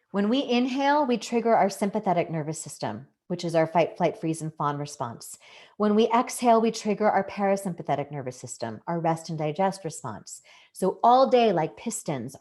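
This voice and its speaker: A woman's voice: fairly low pitch, a little mellow. Earnest woman explaining stress relief. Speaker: presenter. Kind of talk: educational talk.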